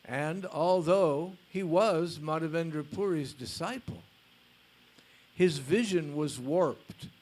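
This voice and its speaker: A male spiritual teacher reads a story aloud during a lecture. He speaks slowly and deliberately in a voice pitched a bit high for a man. Now and then he drops in a blunt casual aside. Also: darkish tone.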